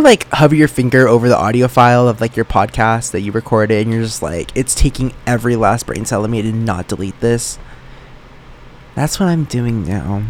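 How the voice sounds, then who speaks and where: A young man with a medium-pitched voice rambles through his solo podcast from his bedroom, playful and self-mocking. He uses a microphone in his room, with a faint fan and a little hiss or hum in the background.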